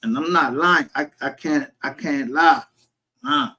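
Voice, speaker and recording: A man's voice: a little high, sing-song, a little slow, vocal fry, bright, forceful tone, breathy edge. A man streaming a casual, profane rant, heated and defensive.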